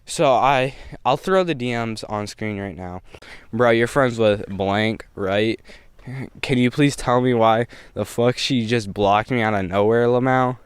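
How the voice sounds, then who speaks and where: A young man tells a story in a laid-back vlog, full of slang and quick laughs. His voice comes across smooth and clear on a close mic. The sound is dry, with no room around it. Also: mid-range voice, no room sound. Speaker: vlogger. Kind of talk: casual storytime.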